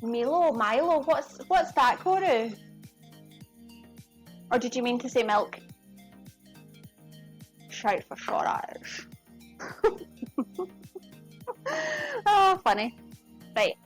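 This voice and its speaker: A woman's voice: on the high side, animated, takes it slowly, pauses often, soft background music. A woman chatting casually to her viewers during a live cooking stream, giggling often.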